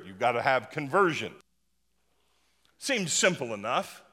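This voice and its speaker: A man preaching a sermon as pastor, lively, humorous and emphatic. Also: on the high side, a little slow, long reverb tail.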